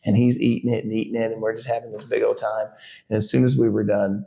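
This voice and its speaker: A middle-aged father co-hosting a podcast talks fast in a lowish, gravelly, dark voice with little pitch movement. Telling a family story in casual chat, he rambles with lots of fillers, "likes" and restarts.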